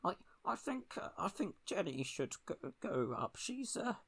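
A man doing a low, quiet, hesitant impression of a male politician. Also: big pitch swings, normal speed, creaky, breathy edge, exaggerated voice. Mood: mumbling. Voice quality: mumbling, hesitant. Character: stiff male opposition politician, mumbling.

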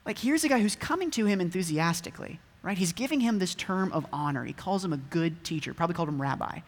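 A man's voice: high voice, lively intonation, quick pace. A man preaching a casual, conversational sermon, often asking his listeners rhetorical questions. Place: church hall. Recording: echoey hall with long reverb.

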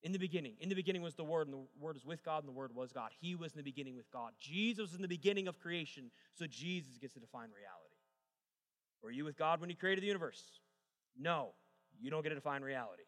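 A man's voice: fairly high pitch, lively intonation, fast, fairly bright tone. A young adult man preaching a sermon as pastor, moving from joking storytelling to emphatic preaching. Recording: long reverb of a large hall.

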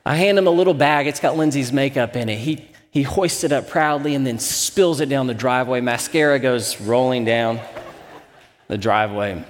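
A man's voice: medium pitch, normal speed, pauses often, in a large hall. A man in his thirties, a pastor, preaching a sermon as a candid, self-deprecating personal story.

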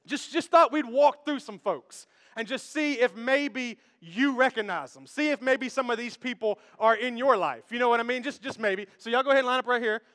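A man's voice: very high voice, moderate pace, hardly any pauses, sharp tone. A male pastor preaching a sermon on a church stage, in a playful, conversational way, joking with the congregation. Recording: echoey hall with long reverb.

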